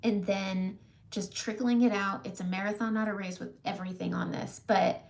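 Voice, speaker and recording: A woman makeup vlogger talking casually and warmly to her viewers, emotional and close to tears at times, often laughing. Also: mid-range voice, steady tone, normal speed, creaky. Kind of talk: casual heartfelt talk to camera.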